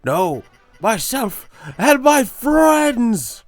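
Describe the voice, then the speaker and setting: A man voicing a scheming, grandiose male puppet salesman with pushy, excitable patter. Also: very high voice, extremely slow, creaky, dry recording, soft background music, pitched above the performer's own voice, full character voice. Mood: elated.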